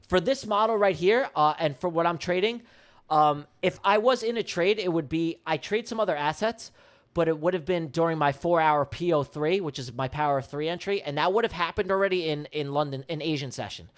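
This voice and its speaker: A man's voice: fairly high pitch, a little fast. A man hosting a trading livestream who talks bluntly and heatedly, swears freely and repeats lines for emphasis. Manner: blunt, heated rant with profanity. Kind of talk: live-streamed trading commentary.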